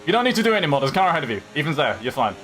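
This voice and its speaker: Faint music plays behind a young man talking very fast in a high-side voice. He's a sim racing streamer calling his own race live, animatedly chatting to opponents and viewers at the wheel.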